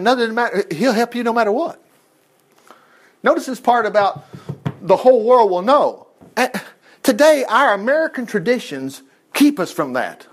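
A Bible teacher with a voice fairly high for a man leads a casual study, chatty and folksy, often breaking off into asides. He retells scripture in plain, homespun words.

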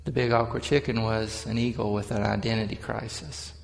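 A man's voice: on the low side, flat delivery, fairly quick, creaky, long reverb tail. A man, a pastor, preaching a sermon in an earnest, conversational way, with a prayer and a story.

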